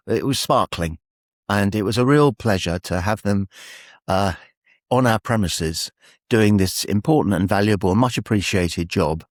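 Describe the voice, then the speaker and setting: A man's voice: fairly low pitch, no echo, clean studio sound. A man hosting, telling a rambling anecdote with wry humour and frequent chuckles. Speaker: radio host. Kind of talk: anecdotal monologue.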